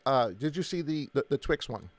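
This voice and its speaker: Co-hosting a church podcast's casual faith discussion, a man speaks emphatically in a stop-start way, repeating words and restarting. His mid-range voice is expressive and fairly quick. It's recorded close and dry, with no echo.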